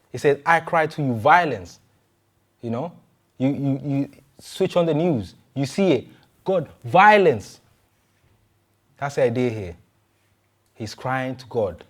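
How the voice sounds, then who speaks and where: A man, a pastor, giving a conversational sermon full of rhetorical questions and quick restarts. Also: medium pitch, darkish tone.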